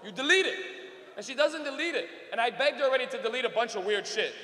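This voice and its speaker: A man doing a stand-up routine on stage, loud and profane, laughing as he talks. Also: very high-pitched, lively intonation, very fast. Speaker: stand-up comedian. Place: comedy club stage. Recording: echoey hall reverb.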